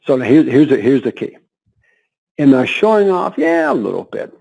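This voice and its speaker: An older man in his seventies, speaking as an interview guest at an average pitch. He tells lively anecdotes, often breaking into laughter and repeating words as he goes. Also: moderate pace, creaky, breathy edge, rough recording. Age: 70s. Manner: lively anecdotes, frequent laughter and word repetition. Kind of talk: conversational storytelling.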